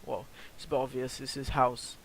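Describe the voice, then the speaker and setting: A man's voice: medium pitch, level tone, normal speed, slight background noise, rough recording. A teenage boy tells a storytime vlog in a rambling way, full of fillers and swearing. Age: teens. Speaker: vlogger.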